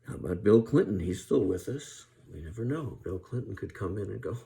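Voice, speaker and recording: A man's voice: fairly low pitch, animated, a little fast, creaky, hardly any pauses, dark tone. A man rambling through a casual comic monologue of impressions. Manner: rambling, trailing off. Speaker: impressionist drummer.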